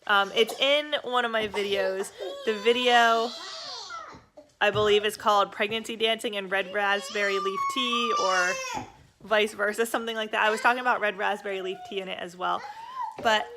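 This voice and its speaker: A woman's voice: mid-range voice, steady tone, moderate pace, noisy background. A young woman chatting casually at home in her family vlog, rambling with fillers and little laughs. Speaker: vlogger mom.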